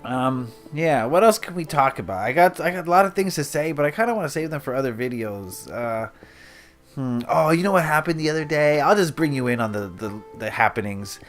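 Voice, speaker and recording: A man's voice: on the high side, animated, brisk, soft background music. A man hosting his gaming channel, chatting casually and rambling to himself while he builds.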